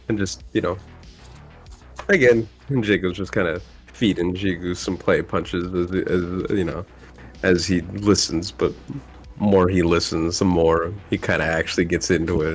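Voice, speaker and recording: Deep, gravelly male player. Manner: laid-back, filler-heavy, halting. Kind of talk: casual tabletop role-play.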